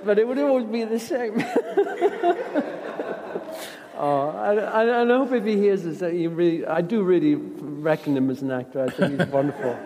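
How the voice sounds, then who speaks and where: A man's voice: sits high, fairly quick, hardly any pauses, warm tone, big-room sound, slight background noise. A middle-aged actor speaking casually in an interview, reflective and rambling, often restarting his sentences.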